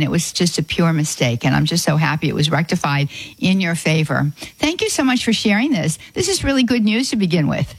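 Lady radio host on a call-in show, lowish voice, dry close studio mic, folksy and chatty. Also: no echo, poor audio. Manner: warm-hearted, folksy, exclaims often. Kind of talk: Catholic call-in radio talk.

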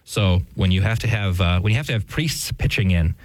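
A man's voice: low-pitched, animated, brisk, no echo, low-quality recording. Chuckling male co-host, casual news commentary, dry close recording, lots of fillers. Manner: chuckling often, many fillers and restarts. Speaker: podcast co-host.

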